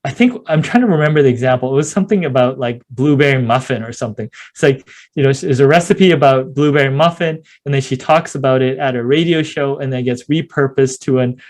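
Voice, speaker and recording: A man guests on a podcast in casual interview talk, telling stories animatedly and acting out scenes. His mid-range voice moves fast with few pauses, and he uses many fillers like "you know."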